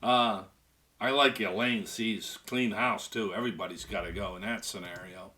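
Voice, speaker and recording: A man's voice: fairly low pitch, fairly even intonation, moderate pace, pushed and bright. A man hosting a sports talk show, reading fan comments in a wisecracking, joking way. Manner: wisecracking, does mock voices and laughs. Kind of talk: casual sports radio banter.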